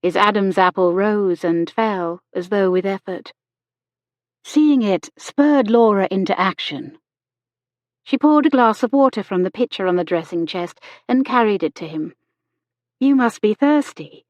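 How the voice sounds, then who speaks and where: Slow, measured woman narrator. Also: mid-range voice, a little mellow, no room sound. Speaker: audiobook narrator. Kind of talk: scripted narration. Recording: dull lo-fi dry audio.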